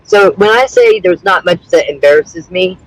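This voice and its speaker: A woman's voice: on the low side, lively intonation, normal speed, no echo, poor audio. A woman calling in by phone from her car on a livestream, telling blunt, crude, joking stories in casual chat. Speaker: guest caller on a livestream. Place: in a car, driving around.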